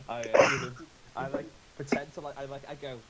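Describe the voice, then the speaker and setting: A man playing at a tabletop game, casual, joking and animated. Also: mid-range voice, normal speed. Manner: animated, joking, laughs often. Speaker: player. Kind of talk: casual chat at a gaming table. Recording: noisy mic with clicks.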